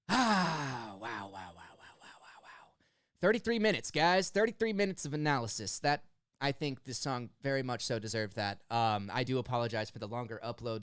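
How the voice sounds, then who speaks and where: A young man from the United States hosting a music reaction, talking in an earnest, halting way and near tears as he breaks down a song. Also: medium pitch, smooth, no echo, studio quality. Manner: earnest, halting, stumbles over words. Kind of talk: emotional song analysis.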